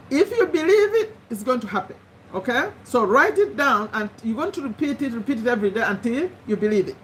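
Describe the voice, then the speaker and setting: A woman's voice: a little high, sing-song, fairly quick, a little hiss or hum. A woman hosting a motivational live stream, speaking in an earnest, encouraging way, repeating phrases and often restarting sentences.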